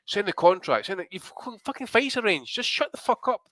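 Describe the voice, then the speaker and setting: A man, co-hosting a podcast in casual banter, swearing a lot and ranting excitedly. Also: high-pitched, fairly quick, crowd noise. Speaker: podcast co-host.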